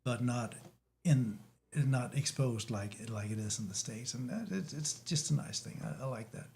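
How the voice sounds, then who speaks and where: A man from Denmark with a Danish accent, talking as a guest in a casual chat, halting with many restarts and fillers. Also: mid-range voice, creaky, darkish tone, slight background noise.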